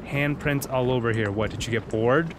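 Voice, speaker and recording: A man giving excitable, jokey let's-play commentary as a gaming streamer. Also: medium pitch, moderate pace, background noise.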